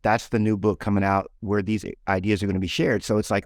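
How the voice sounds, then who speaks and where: A man's voice: lowish voice, flat delivery, brisk, few pauses, no echo, clean studio sound. A man in a casual interview who talks animatedly, acting out imagined inner dialogue and often repeating words as he restarts. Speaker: guest entrepreneur and author.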